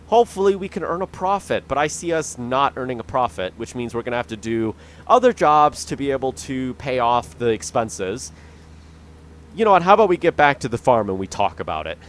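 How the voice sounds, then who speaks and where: A man's voice: mid-range voice, very animated, a little fast, a bit bright, slight background noise. A young man talking casually over a farming game, thinking aloud with lots of ums and restarts. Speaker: gaming YouTuber. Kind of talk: casual let's-play commentary.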